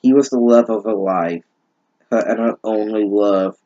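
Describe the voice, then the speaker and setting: A man reading a bad fanfic aloud as host, in a weary, deadpan and mocking way, breaking off with dry asides. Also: lowish voice, measured pace, dry recording, muffled recording. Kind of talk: sarcastic dramatic reading.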